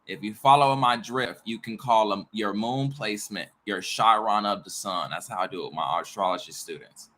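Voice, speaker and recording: A man's voice: on the low side, normal speed, hardly any pauses, pushed and bright. A man who teaches astrology and tarot, rambling in a casual monologue, repeating himself, jumping between ideas and muttering swears.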